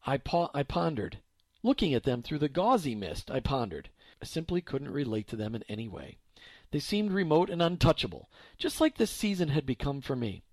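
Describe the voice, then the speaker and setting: Expressive man reading a story. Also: mid-range voice, brisk, dry recording. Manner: reflective, expressive.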